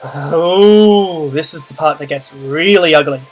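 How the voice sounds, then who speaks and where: A man's voice: fairly high pitch, slow, faint music behind, rough recording. A young man giving a dry, muttered running commentary on his own game, groaning at setbacks. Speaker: channel host and player. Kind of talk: live gameplay commentary.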